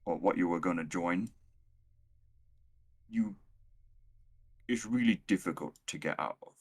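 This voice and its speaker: Deep voiced guy in a tabletop game, soft and halting, keeps stopping and restarting. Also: huge pitch swings, vocal fry, husky. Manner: hesitant, halting, soft-spoken. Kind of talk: in-character roleplay and table chat.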